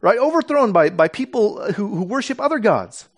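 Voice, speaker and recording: A man delivers a sermon, giving scripture a dramatic reading before unpacking it in a lively, casual style full of fillers and false starts. He speaks at normal speed in a voice that sits high.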